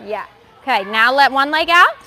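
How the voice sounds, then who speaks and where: A young woman coaching young gymnasts through a live bar practice, giving brisk, encouraging instructions. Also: sits high, lively intonation. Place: gymnastics gym.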